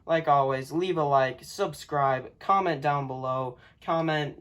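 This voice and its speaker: Young male vlogger, slightly high voice, playful and self-amused, casual play-by-play narration. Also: steady tone, a little slow, hardly any pauses, fairly bright tone. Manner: playful, laughs at his own slips and jokes. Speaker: channel host. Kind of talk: casual narration of a book-based animal tournament.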